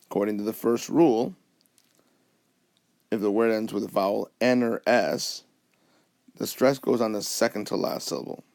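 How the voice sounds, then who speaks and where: A man with a lowish, gravelly voice talks through a recorded whiteboard lesson. He explains patiently, step by step, and keeps checking in with his listeners. It sounds like a teacher at a tablet. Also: normal speed, pauses often, darkish tone. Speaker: Spanish teacher.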